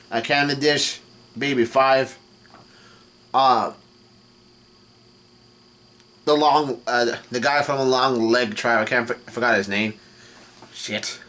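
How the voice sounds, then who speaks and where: He's a male manga reaction vlogger with a mid pitch, casually summarizing as he reads. Fillers pepper his speech, he keeps restarting, and he reads quotes without inflection.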